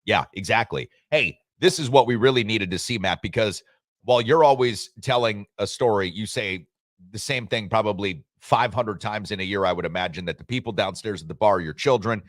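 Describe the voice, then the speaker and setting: Joking low-voiced male radio host. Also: brisk, no echo, clean studio sound. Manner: joking, rambling, reads listener messages aloud. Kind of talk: casual sports talk radio chat.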